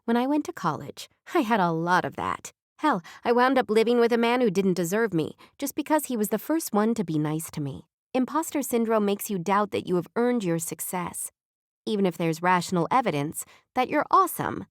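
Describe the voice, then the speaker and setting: A woman voicing a calm, wise female mentor in an audiobook, explaining steadily with a dry, close sound. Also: medium pitch, a little fast, dry recording, lightly acted. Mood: earnest.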